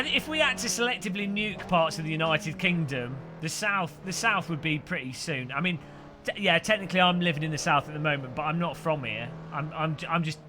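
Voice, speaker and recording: A man with a Midlands accent chatting and joking on a live stream while racing. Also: fairly high pitch. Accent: English Midlands. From English Midlands. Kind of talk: live gaming commentary. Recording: noisy with race car sounds.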